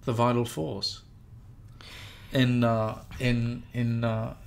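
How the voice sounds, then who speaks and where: A man co-hosting a podcast, speaking hesitantly with many pauses and restarts. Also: mid-range voice, level tone, creaky. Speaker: podcast co-host, practitioner. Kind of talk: casual podcast discussion.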